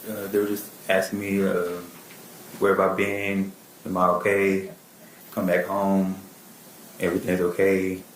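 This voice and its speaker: Halting low-voiced man testifying. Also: monotone, reverberant, slight background noise, low-quality recording. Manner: halting, repeats words, many fillers like "like" and "um". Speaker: witness testifying in court. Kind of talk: plain spoken testimony.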